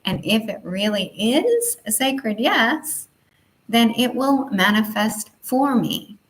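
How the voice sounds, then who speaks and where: A woman teaching a spiritual lesson in a soft, flowing, affirming way, with gentle emphasis. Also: a little high, big pitch swings, takes it slowly, low-quality recording.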